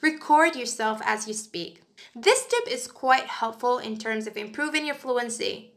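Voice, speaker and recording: Gravelly-voiced woman teaching pronunciation. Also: a little high, fairly bright tone. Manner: clear, emphatic, demonstrates word stress slowly. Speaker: English teacher. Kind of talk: scripted lesson narration.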